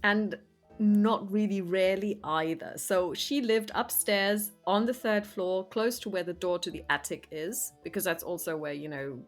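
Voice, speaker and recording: A woman narrating a tabletop role-playing game as game master, descriptive, with frequent ums and soft asides. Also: medium pitch, fairly even intonation, moderate pace, soft background music.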